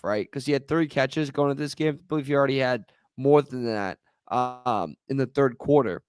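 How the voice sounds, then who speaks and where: Smooth-voiced man breaking down a game. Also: mid-range voice, moderate pace, hardly any pauses, darkish tone, dry recording, studio quality. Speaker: podcast co-host. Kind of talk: casual sports talk.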